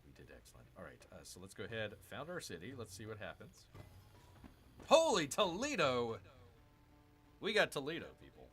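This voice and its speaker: A man streaming a strategy game, commenting excitedly, reading viewer chat and calling his audience "people". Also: on the low side, fast, few pauses. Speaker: gaming streamer.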